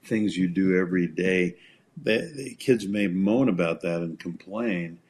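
A man hosting a talk show, giving calm practical advice in a casual chat. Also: sits low, a little slow. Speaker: host.

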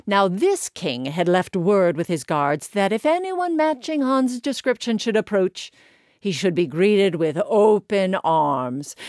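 Expressive woman teller of folk tales, lively pitch, unhurried delivery. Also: dry recording, studio quality. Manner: animated, expressive, building drama. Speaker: storyteller. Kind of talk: told folk tale.

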